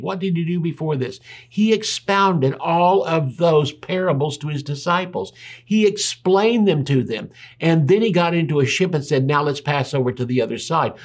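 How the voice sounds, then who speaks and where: Emphatic preacher, a man with higher pitch. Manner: emphatic, rhetorical questions and repetition; reads scripture aloud in between. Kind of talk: sermon.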